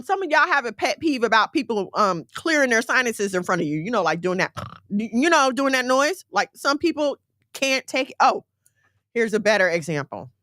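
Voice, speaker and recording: A woman giving a conversational sermon in a direct, animated way, mixing scripture with everyday slang. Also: high voice, dry recording, clean studio sound. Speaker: faith teacher.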